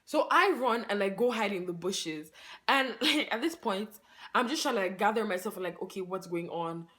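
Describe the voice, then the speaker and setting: A woman telling a story on her vlog in a casual, excitable way, laughing along and saying "like" in nearly every phrase. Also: medium pitch, moderate pace. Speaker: vlogger.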